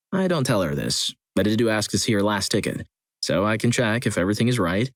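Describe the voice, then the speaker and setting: Male narrator with a low voice and a dry, close sound, reading scripted stories at a steady pace. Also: fast talker, no room sound. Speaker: story channel narrator.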